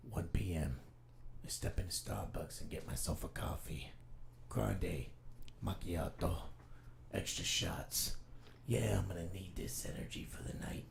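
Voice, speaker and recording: A man playing a grim noir vigilante, narrating in a low gravelly near-whisper. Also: slight background noise, exaggerated voice.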